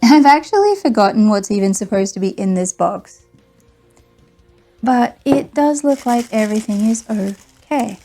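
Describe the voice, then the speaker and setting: Sarcastic woman, slow and exasperated. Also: on the high side, expressive, warm tone, soft background music. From Australia. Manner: sarcastic, exasperated, laughing often. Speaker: vlogger. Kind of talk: casual unboxing vlog.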